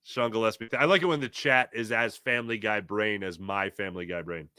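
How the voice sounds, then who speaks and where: A man's voice: on the low side, a little fast, clear, resonant tone, no echo, studio quality. A man hosting a casual sports talk show, reading viewer chat and telling stories in a chatty way with frequent laughs. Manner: animated, chatty, laughs often, storytelling.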